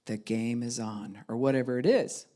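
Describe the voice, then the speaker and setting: A woman's voice: extremely low pitch, normal speed, warm tone. A middle-aged woman pastor giving a conversational teaching talk, speaking candidly and frankly and acting out the voices of people she quotes.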